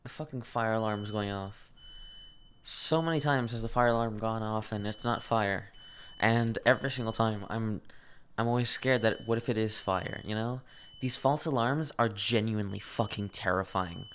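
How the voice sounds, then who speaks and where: A man's voice: lowish voice, normal speed, a bit bright, a little hiss or hum. A man reading a manga aloud and reacting in casual commentary, laughing often, swearing freely and gushing over cute things.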